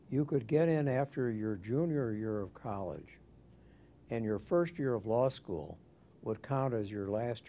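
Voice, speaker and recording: An older man being interviewed for an oral history, speaking in a measured, thoughtful way with frequent restarts. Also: medium pitch, dark tone.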